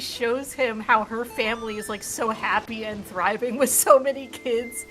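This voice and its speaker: A woman chatting casually with a friend during a stream, quick and animated, full of fillers and jokes. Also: fairly high pitch. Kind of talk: casual chat.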